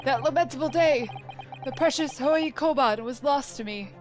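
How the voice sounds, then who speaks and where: A pompous, old-fashioned elderly shopkeeper speaks as a video game witness, as a woman reads him out. The voice sits high. Game music plays clearly behind him. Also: moderate pace, lightly acted. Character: eccentric old male antique-shop witness. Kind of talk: reading game dialogue aloud.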